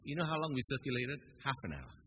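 A man preaching a sermon, telling a story with great animation and acting out the other voices, swinging from loud bursts to hushed tones. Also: medium pitch, big pitch swings, fast, heavy background noise. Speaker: pastor.

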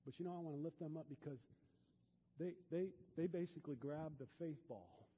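A pastor preaching a sermon in a church, dropping to a hush and then building to loud, fervent peaks. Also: male voice, fairly high pitch, brisk, slight background noise. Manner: swings from hushed to loud and fervent. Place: church sanctuary. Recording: dull, long hall reverb.

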